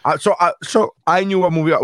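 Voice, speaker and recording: A man co-hosting a casual podcast, telling stories in an animated way and swearing freely. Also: high voice, fast, no echo. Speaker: podcast co-host.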